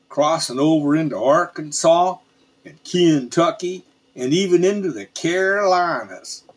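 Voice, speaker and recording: A man narrating a frontier tall tale in a folksy, unhurried storytelling manner. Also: fairly high pitch, slightly rough.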